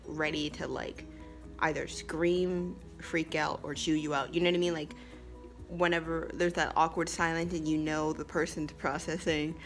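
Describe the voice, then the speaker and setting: Chatty low-voiced woman vlogger. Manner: chatty, emphatic, laughs often. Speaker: vlogger and English teacher abroad. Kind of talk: casual storytelling vlog.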